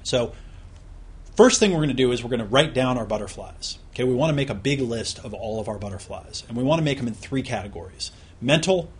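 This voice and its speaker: Husky-voiced man teaching a course. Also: medium pitch, animated, fairly quick. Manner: conversational, explaining with examples and direct questions to the listener. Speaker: self-help course instructor. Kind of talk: recorded productivity lesson.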